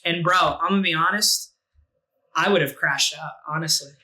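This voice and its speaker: Very bright-voiced young man, chatty. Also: a little high, normal speed, poor audio. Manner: loose and chatty, swears freely. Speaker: podcast guest. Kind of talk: casual chat.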